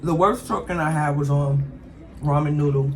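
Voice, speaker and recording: A woman chats casually with her viewers while she eats. She is emphatic and animated and speaks straight to the camera. There is a faint hiss of noise behind her. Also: deep voice, moderate pace, poor audio. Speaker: mukbang host. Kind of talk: casual chat while eating.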